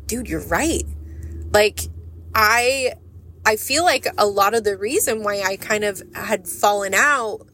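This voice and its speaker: A woman's voice: mid-range voice, measured pace, sharp tone, slight background noise. A woman hosting her own podcast and working as a coach, talking candidly in a rambling way and swearing freely. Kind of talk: casual podcast monologue.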